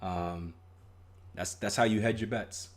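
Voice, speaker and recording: A man's voice: on the low side, fairly even intonation, a little slow. Joking man hosting a trading stream. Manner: joking, laughs at own jokes, reads chat aloud; frequent restarts and filler ums. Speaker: trading livestream host. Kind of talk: casual livestream chat.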